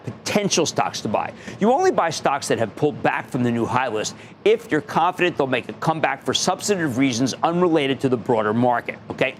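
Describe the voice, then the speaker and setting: A middle-aged man hosts a TV market show, his medium-pitched voice carrying over slight background noise. His finance commentary is energetic and emphatic, with phrases repeated for effect.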